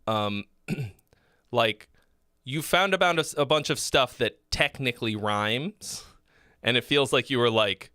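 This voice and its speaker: Male host, blunt casual critique, bright clear tone, slow delivery, throat keeps catching. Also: medium pitch, no room sound, studio quality. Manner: blunt, frequent fillers and throat clearing, swears. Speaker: host giving song feedback.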